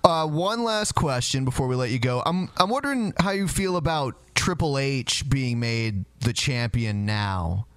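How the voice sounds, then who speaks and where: A man hosting a podcast, asking halting questions to a guest in casual chat. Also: medium pitch, animated, fairly bright tone, clean tone, no room sound. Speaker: podcast host.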